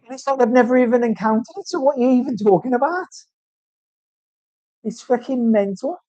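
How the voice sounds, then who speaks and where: A man's voice: very high-pitched, fairly quick, mellow, no echo. A man in casual chat, rambling and swearing through banter in a tattoo studio. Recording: dull, dry lo-fi sound.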